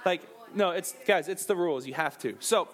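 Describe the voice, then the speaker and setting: A man's voice: sits high, normal speed. A young man preaching a sermon to a youth group in a casual, joking way, calling the listeners guys.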